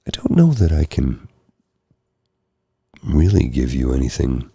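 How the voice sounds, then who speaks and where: Tired, hoarse male ASMR host; extremely deep, dark, gravelly voice; soft, rambling, apologetic delivery. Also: sing-song, unhurried, dry recording, studio quality. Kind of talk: soft-spoken ASMR live stream. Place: candlelit room at home. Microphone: close mic for ear-to-ear speaking.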